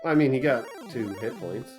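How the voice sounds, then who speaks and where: A man's voice: mid-range voice, moderate pace, loud music behind the voice. A man doing color commentary at a video game tournament, joking and laid-back.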